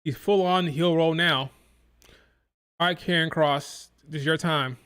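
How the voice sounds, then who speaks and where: A man's voice: on the high side, fairly even intonation, a little slow, a bit bright, smooth. A man hosting a live wrestling watch-along, chatting casually and mimicking crowd chants in a sing-song rhythm. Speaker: live stream reaction host.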